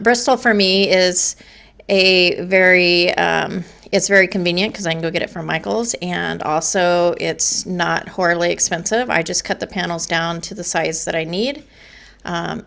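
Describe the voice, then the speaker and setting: A woman with a lowish, gravelly, fairly bright voice hosts a card-making tutorial as a casual voice-over. She's chatty, using fillers and little laughs, and her voice sounds a bit worn because she's losing it.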